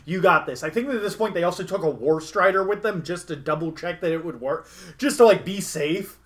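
A man's voice: sits high, fairly quick. Rambling young man recapping a game. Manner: rambling, many fillers and restarts. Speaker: podcast host recapping a game session. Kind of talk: casual storytelling recap.

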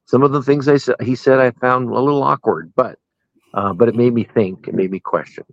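A man's voice: mid-range voice, a little fast, no room sound, muffled recording. A middle-aged man, a pastor, telling stories from his life in a casual interview and laughing at his own jokes.

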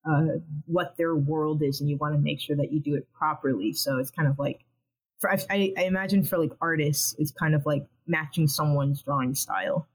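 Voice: mid-range voice, fairly even intonation, normal speed, poor audio. A TV animation writer talking casually in a podcast interview, rambling and acting out their own thoughts as quotes.

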